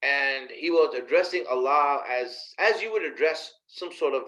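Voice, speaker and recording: A man's voice: on the high side, animated, unhurried, sharp tone, rough recording. A man preaching a sermon in a conversational way, asking his listeners rhetorical questions and speaking to them directly. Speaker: Islamic preacher.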